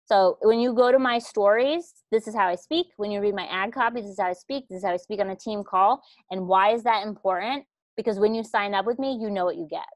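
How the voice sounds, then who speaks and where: A woman's voice: medium pitch, quick pace, few pauses, no echo. A woman talking as a guest coach in a casual chat, blunt and slangy, swearing freely and laughing at herself.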